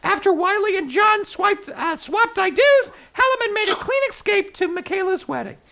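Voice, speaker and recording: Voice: lively intonation, moderate pace, gravelly, sharp tone, full character voice. A performer voicing a cheery male talking toilet paper roll who hosts a comedic news talk show, with a hammy, bouncy manner. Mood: chipper. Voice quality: high squeaky cartoonish voice. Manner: bouncy, hammy, flustered when guests misbehave. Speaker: show host.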